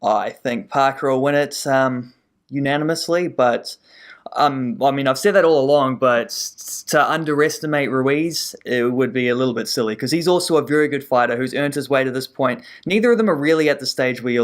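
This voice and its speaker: A man's voice: medium pitch, normal speed. Easygoing Kiwi man talking boxing. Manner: relaxed, thinks aloud with many ums and restarts. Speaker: co-host, sports pundit. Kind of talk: casual sports podcast chat.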